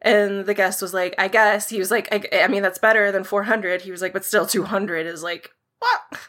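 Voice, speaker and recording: A woman in casual podcast chat, telling a story with plenty of animated back-and-forth as she acts out what everyone said. Her voice is bright and forward, sitting at an ordinary pitch for a woman. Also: a little fast. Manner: animated, acts out quoted dialogue. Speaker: podcast co-host.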